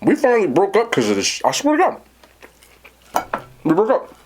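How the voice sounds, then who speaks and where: A man's voice: high voice, moderate pace, a little hiss or hum. A man hosting an eating show, telling a story casually and talking straight to his viewers. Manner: animated, talks to viewers directly. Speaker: mukbang host. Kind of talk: casual storytelling to a live chat.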